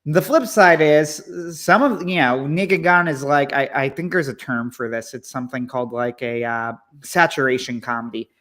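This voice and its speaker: A man's voice: moderate pace, hardly any pauses, a bit bright. Hesitant, rambling man in casual chat. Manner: hesitant, rambling, lots of fillers, wry and low-key. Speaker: co-host, movie commentator.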